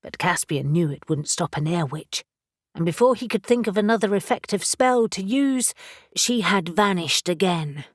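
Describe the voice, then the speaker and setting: A woman reading a fantasy audiobook in measured, even scripted narration. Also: on the low side, no echo, clean studio sound.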